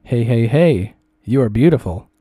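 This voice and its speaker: A man's voice: mid-range voice, animated, moderate pace, breathy edge, no echo, studio quality. A man doing a taunting street harasser. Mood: leering. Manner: taunting, loud.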